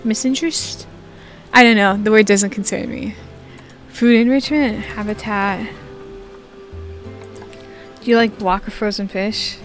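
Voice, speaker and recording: A woman's voice: medium pitch, fairly even intonation, measured pace, long pauses, soft background music. A young woman giving casual, joking commentary to herself while she plays a game. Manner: chatty, joking, talks to herself. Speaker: gaming video creator.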